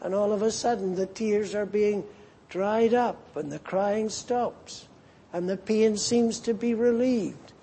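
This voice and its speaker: A man preaching a sermon in a slow, earnest manner that rises as it builds. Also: high voice, dark tone, breathy edge.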